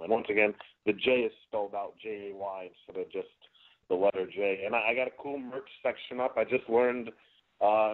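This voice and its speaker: A man being interviewed as a guest who explains things earnestly and often restarts his sentences. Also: fairly low pitch. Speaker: guest, professional wrestler. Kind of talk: casual interview over the phone. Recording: tinny phone line.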